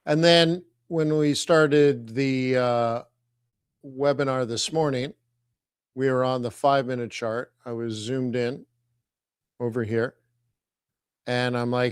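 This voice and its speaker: A middle-aged man hosts a live trading stream in an energetic, teasing manner. His voice sits at a medium pitch. The recording is dry, with no room echo. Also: measured pace, clean tone. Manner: energetic, teasing, talks to viewers as kids. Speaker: forex trading host.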